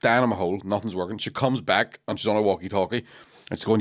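A Northern Irish man with a lowish voice rattles through stage stories at speed. He swears freely and tells it with animated comic timing, like a comedian chatting on a podcast. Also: fast talker. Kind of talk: casual podcast chat, telling stage stories.

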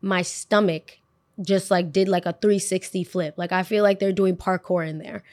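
A woman's voice: fairly low pitch, fairly even intonation, moderate pace, darkish tone, no room sound. Young woman host, casual storyteller, chatty and dramatic, dry close mic. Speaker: podcast host.

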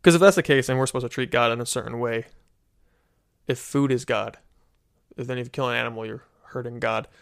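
A man's voice: mid-range voice, fairly even intonation, brisk, gravelly, pauses often. Man teaching in a casual, rambling way. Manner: conversational, many "right?" tags and restarts. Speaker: Christian teacher, podcast host. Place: room with desk and bookshelf. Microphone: studio microphone.

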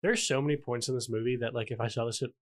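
A young man with a mid-pitched voice tells stories casually on a podcast. His delivery is relaxed, with a dry sense of humor. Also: very fast. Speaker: podcast co-host. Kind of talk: casual chat.

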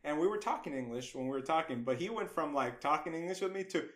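Lively middle-aged man telling a story. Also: a little high, fast talker, reverberant. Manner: acts out quoted voices, laughs often, swears casually. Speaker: guest animator. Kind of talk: animated storytelling in a podcast interview.

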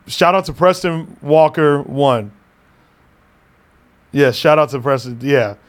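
Laid-back man, a bit high. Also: takes it slowly. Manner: laid-back, laughs often, swears casually. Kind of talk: casual chat.

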